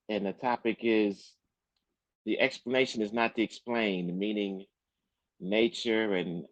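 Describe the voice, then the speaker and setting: A man hosting a live question-and-answer talk, speaking slowly and earnestly with many fillers. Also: deep voice, dry recording, dull audio. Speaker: host.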